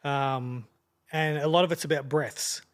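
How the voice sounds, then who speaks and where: Fast-talking Australian man in his fifties. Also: on the high side, steady tone. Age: 50s. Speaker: rapper guest. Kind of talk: casual chat.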